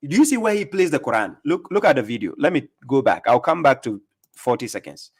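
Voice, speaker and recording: A man's voice: mid-range voice, big pitch swings, a little fast, husky. A man hosting a livestream, giving mocking, sarcastic religious commentary on video clips he plays. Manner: scornful, sarcastic, lecturing. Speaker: livestream host reacting to clips.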